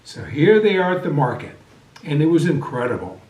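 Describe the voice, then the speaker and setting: A man reading a picture book aloud to children with expressive, animated storytelling, over a video call. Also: fairly high pitch, fairly quick. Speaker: storybook reader. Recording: echoey room.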